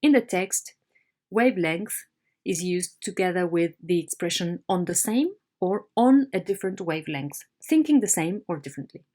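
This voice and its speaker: A woman's voice: lowish voice, lively intonation, normal speed, a little mellow. A woman English teacher in a recorded online lesson, explaining words patiently and checking in with her students.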